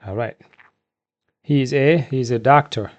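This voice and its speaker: A man teaching a beginner vocabulary lesson from slides, asking questions and then slowly repeating each word twice. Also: mid-range voice. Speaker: Arabic teacher.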